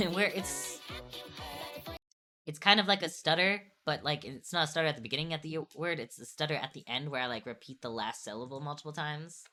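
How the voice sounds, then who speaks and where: A young woman chats on a stream in a low voice with a bright edge. She rambles, restarts her sentences and laughs between thoughts. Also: a little fast, soft background music. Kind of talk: casual chat on an art stream.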